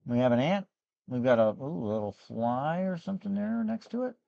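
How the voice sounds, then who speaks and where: A hoarse man, losing his voice, hosts a live gem and fossil sales show in a rambling, chatty way with frequent restarts. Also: on the high side, animated, normal speed, dark tone, dry recording, lo-fi sound. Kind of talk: casual live-stream sales chat.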